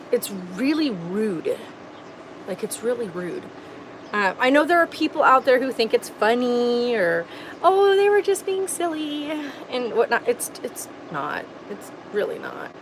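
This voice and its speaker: A woman's voice: a little high, poor audio. Woman vlogging outside at an rv park, earnest and kinda fed up, rambles with lots of ums, faint road noise. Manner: earnest, indignant, rambling with fillers. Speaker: homestead vlogger. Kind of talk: casual storytelling vlog. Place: outdoors at an RV park.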